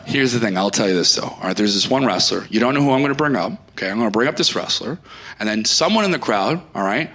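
A man doing a stand-up comedy set on a club stage, ranting loudly with lots of animation. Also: lowish voice, animated, fast.

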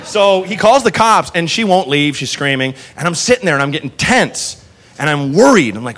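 A male stand-up comedian telling a story on stage, animated and profane, acting out the people in it. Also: fairly high pitch, normal speed. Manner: animated, profane, acts out characters. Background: audience laughter.

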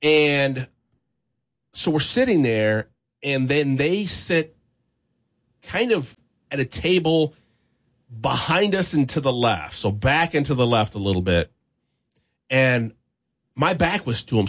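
On a talk show, a man with a husky mid-range voice tells a long story casually. He's a rambling, animated storyteller, packing in fillers and restarts.

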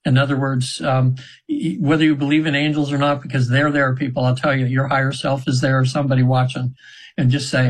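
A man's voice: medium pitch, level tone, brisk, poor audio. A man in his seventies, a guest on a radio show, telling a long personal story in an earnest, rambling way with many restarts. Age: 70s. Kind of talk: conversational storytelling.

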